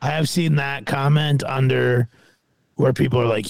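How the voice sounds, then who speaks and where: Gravelly man chatting casually. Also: medium pitch, steady tone, no echo. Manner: chummy, agreeable, quick reactions. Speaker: podcast co-host. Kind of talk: casual chat.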